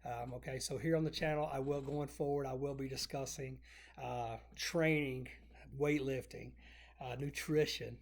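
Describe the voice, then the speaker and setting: A middle-aged man chatting casually to camera from his home exercise room, rambling, restarting phrases and clearing his throat. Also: medium pitch, fairly even intonation, moderate pace. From North Texas. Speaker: vlogger.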